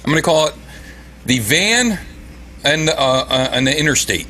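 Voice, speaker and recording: A man co-hosting a casual podcast chat who hands out mock scores with deadpan, mock-dramatic asides. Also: on the high side, normal speed. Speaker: podcast co-host.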